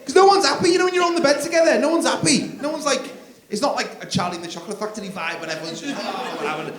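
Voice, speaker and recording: A man doing live stand-up comedy on a theatre stage, swinging from mumbled asides to shouted outbursts. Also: very high voice, expressive, very fast. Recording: roomy live theatre recording with crowd. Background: laughing audience.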